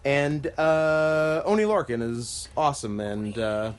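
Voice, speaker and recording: A man co-hosting a casual chat podcast. He rambles through his points, laughing often. His sentences drift lower and quieter as they trail off. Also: slow pace. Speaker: podcast co-host.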